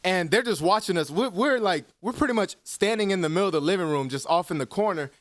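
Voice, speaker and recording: Young guy on a podcast, high voice, cracks up laughing a lot while telling stories, cusses constantly. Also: quick pace, no echo. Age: 20s. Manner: animated storyteller, laughs a lot, swears freely. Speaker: podcast co-host. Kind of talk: casual chat.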